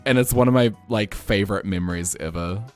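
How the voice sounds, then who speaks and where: Young NZ-accented male streamer, lowish voice, animated and giggly, faint music behind. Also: a little fast. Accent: New Zealand. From New Zealand. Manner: animated storyteller, laughs often, jumps up in pitch when excited. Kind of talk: casual chat.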